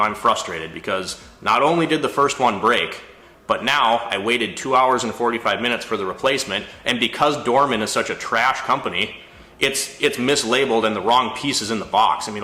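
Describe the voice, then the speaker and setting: Exasperated mechanic with a bright voice. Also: male voice, mid-range voice, reverberant. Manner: exasperated, storytelling, animated retelling. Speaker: auto mechanic and shop owner. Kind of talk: casual ranting monologue.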